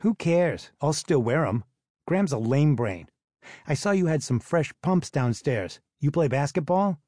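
A man voicing an excitable, brash teenage boy in an audiobook. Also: a little high, unhurried, dry recording, studio quality. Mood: excited. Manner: eager, brash.

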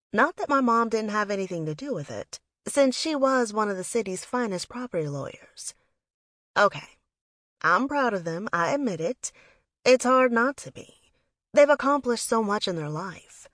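A woman's voice: mid-range voice, a bit bright, dry recording, clean studio sound. A woman reading a first-person story aloud in a reflective, wistful manner. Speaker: audiobook narrator. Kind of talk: first-person scripted narration.

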